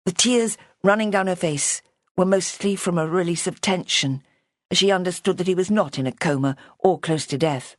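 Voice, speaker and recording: A woman reading a mystery audiobook with a measured, even delivery. Her voice is on the low side, and the studio sound is dry and close. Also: no echo. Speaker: audiobook narrator. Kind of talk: scripted narration.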